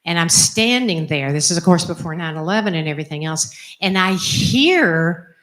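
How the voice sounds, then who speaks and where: An older woman, a religious sister, telling a personal story in an animated, emphatic way. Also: on the low side, moderate pace. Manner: animated, emphatic, acts out quotes. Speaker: religious sister giving a testimony. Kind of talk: storytelling talk.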